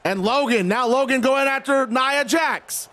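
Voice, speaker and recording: Excitable streamer calling wrestling matches. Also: male voice, very high-pitched, unhurried. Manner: excitable, chatty, talks to live chat. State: voice cracking. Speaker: streamer doing wrestling game commentary. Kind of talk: play-by-play commentary.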